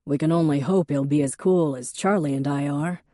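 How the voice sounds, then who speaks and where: A woman's voice: low-pitched, normal speed, dark tone, no room sound, studio quality, close to an everyday voice. A woman voicing a cheeky, wisecracking teenage nephew in an audiobook.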